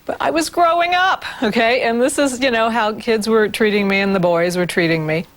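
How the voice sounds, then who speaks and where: A former child actress speaking in an interview in a candid, emphatic way. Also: female voice, on the high side, a little fast. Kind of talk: reflective interview.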